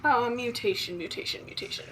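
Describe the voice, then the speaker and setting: A woman's voice: on the high side, brisk, fairly bright tone, a little hiss or hum. A woman playing a tabletop role-playing game, narrating her character's actions in a playful, improvising way. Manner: playful, giggly, improvising aloud. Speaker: player.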